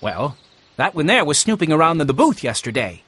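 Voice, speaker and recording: A man voicing a suspicious grown woman in a storybook, talking in a quick, accusing way. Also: a little high, sing-song, fairly bright tone, husky, heavily acted.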